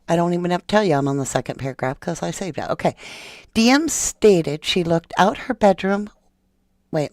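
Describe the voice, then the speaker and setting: A woman's voice: fairly low pitch, no room sound, clean studio sound. A woman hosting a true crime podcast in a casual, chatty way, talking straight to her viewers and reading a document aloud.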